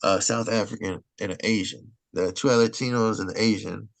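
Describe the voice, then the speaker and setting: A man's voice: on the low side, fairly even intonation, normal speed, creaky, no room sound. A man, a stand-up comedian guest, telling a long story in casual conversation in an indignant, rambling way. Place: Los Angeles.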